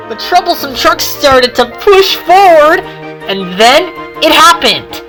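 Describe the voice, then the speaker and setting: A woman narrating a homemade train story in an unhurried, sing-song storytelling manner. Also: high-pitched, very animated, fairly bright tone, soft background music.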